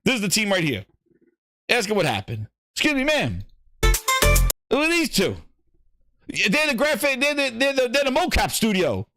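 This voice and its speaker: A man's voice: very high voice, very animated, fairly quick, pushed and bright, soft background music. A man hosting a gaming show, riffing in a profane, mocking, rambling way as casual reaction commentary.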